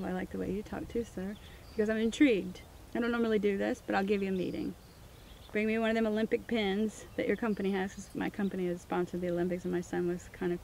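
A woman from Missouri tells her winemaking story in an interview. She is animated and acts out the dialogue she quotes. Her pitch sits in the middle, and faint background noise runs under the recording. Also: gravelly. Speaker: winemaker, guest.

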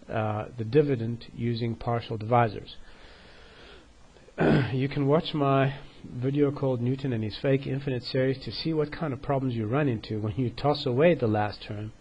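A man's voice: mid-range voice, darkish tone, breathy edge, lo-fi sound. A man hosting a math video channel, lecturing in a scornful, combative way, out of breath and often asking "okay?". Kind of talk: lecture-style video commentary.

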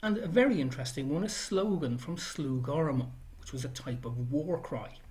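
A man's voice: on the high side, expressive, moderate pace, a little mellow. A man giving an educational library talk, listing words one by one with brief asides.

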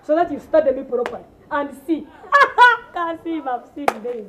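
A woman with a Ugandan English accent performs a comedy sketch with a high voice. She rants in a sarcastic, scolding way, with rhetorical questions and mockery. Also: fairly quick, background noise.

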